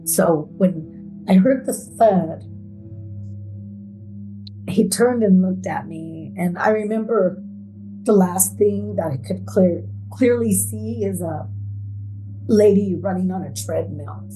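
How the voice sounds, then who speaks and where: A woman telling her own story in a halting, hesitant way, with pauses and repeated words. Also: mid-range voice, mellow, faint music behind, low-quality recording. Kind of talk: emotional first-person account.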